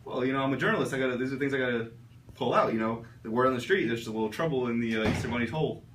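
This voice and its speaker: A man's voice: medium pitch, rapid-fire, background noise. A man playing an interviewer in a comedy sketch, firing off questions like a mock reporter. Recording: echoey room, mic far off.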